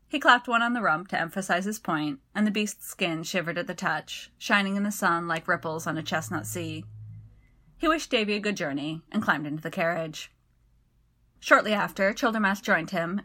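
A woman narrating a story in an even, clear storytelling manner. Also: fairly low pitch, normal speed.

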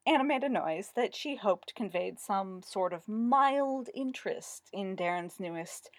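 A woman narrating a story aloud in an expressive, wry reading style. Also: medium pitch, unhurried, no room sound, clean studio sound.

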